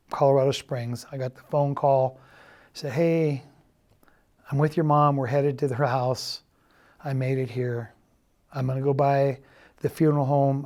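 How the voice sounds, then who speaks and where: A middle-aged man tells a personal story of loss at a church gathering. He speaks quietly and haltingly, stops often, and quotes what others said. His voice is heavy with emotion and breaks at times. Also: medium pitch. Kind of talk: personal testimony.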